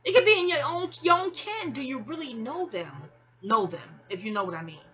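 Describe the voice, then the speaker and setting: A woman in her fifties telling a long, rambling personal story, animated and digressive, with frequent exclamations. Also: high-pitched, fairly quick. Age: 50s. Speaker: vlogger.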